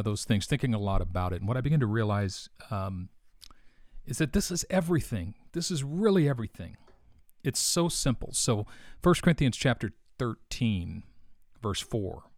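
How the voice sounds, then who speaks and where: A man in his forties giving an earnest, thoughtful devotional reflection, unhurried and personal. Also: fairly low pitch, a little mellow, no room sound, studio quality.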